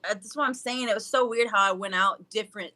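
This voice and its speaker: Bright-voiced young woman, upbeat and goofy. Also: medium pitch, fast. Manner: upbeat and goofy, laughs often. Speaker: guest fighter. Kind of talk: casual interview chat.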